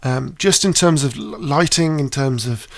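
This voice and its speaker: A man's voice: medium pitch, moderate pace, no room sound. A man co-hosting a casual video game graphics comparison, rambling with many ums. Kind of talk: casual commentary over footage.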